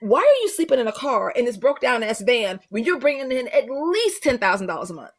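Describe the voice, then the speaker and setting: A woman's voice: fairly high pitch, big pitch swings, brisk. A woman hosting a livestream reaction, ranting bluntly and profanely in casual commentary with mocking asides. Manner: does mocking voices of others.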